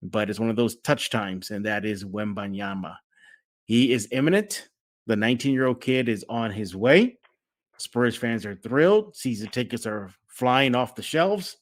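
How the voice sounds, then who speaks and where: Energetic man hosting a sports podcast. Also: medium pitch, normal speed. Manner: energetic, acts out fan reactions. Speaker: podcast host. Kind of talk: casual sports podcast chat.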